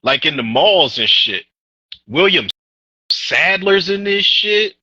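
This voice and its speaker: A man's voice: sits high, sing-song, slow, bright, forceful tone, husky, dry recording, lo-fi sound. A man co-hosting a podcast in casual, profane, ranting chat about movies, with a sore throat. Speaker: podcast co-host.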